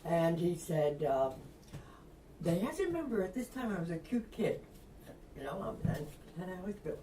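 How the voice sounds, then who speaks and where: Older woman from long island spinning a yarn, low-ish voice, does the voices, laughs a lot, mic far off in an echoey room. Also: normal speed, slight background noise. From Long Island, New York. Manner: lively, acts out quoted voices, laughs often. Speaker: interview guest, retired reporter. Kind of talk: anecdotal storytelling. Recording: roomy, distant mic.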